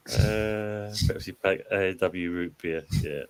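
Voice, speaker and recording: Man, lowish voice, casual stream co-host, rambling, quick to laugh. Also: fairly even intonation, clean tone. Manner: rambling, hesitant, laughs often. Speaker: guest co-presenter reading viewer comments. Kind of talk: casual football chat on a live stream.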